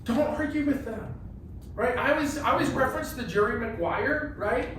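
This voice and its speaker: A man running a casual real estate training workshop, animated and joking, often asking "right?". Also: extremely high pitch, normal speed. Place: classroom with a group. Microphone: phone camera from across the room. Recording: very echoey room, distant, faint hiss.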